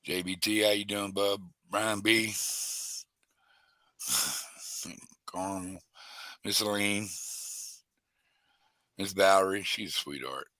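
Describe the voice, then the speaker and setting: A man's voice: low voice, slow, long pauses, bright, forceful tone, no room sound. A man chatting casually on a live stream, folksy, with a lot of stammering and restarts. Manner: folksy, stammering, greets chat by name. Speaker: guest co-host of a live stream.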